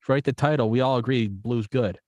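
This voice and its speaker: A man chatting as a podcast guest in a loose, rambling way, cursing often and playing out made-up exchanges. His voice sits at a middle pitch. The sound is dry and close, with no room echo. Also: fairly quick. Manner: profane, rambling, animated with acted-out examples. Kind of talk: casual podcast conversation.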